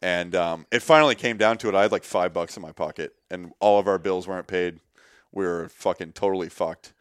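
This thirties-aged man, a workshop guest, talks fairly quickly in a low-pitched voice, recounting his story with candor and lots of swearing while performing the quoted voices. The sound is studio quality, clean, with no echo.

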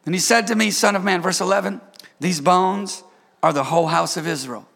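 Male preacher, high gravelly voice, call-and-response sermon, playful asides. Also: a little fast, a bit bright. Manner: playful, joking with the congregation.

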